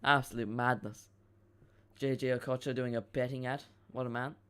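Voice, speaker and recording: A man's voice: medium pitch, level tone, normal speed, fairly bright tone, smooth. A man hosting a live football watchalong stream, chatting casually and rambling as he reacts to the chat and the match.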